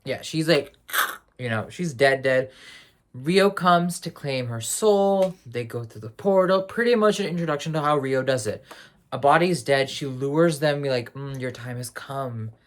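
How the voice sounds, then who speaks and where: With an animated, mid-range voice at a moderate pace, a TV reviewer dishes out spoilers about a series finale. The delivery is casual and meandering, full of slang and mid-sentence restarts and corrections.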